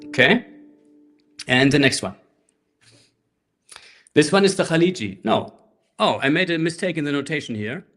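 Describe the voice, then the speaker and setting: A man teaching a live online handpan workshop through a laptop microphone, explaining rhythms in a relaxed way and speaking rhythm syllables while he plays. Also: on the high side, moderate pace, long pauses. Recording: laptop mic with handpan music. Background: handpan playing.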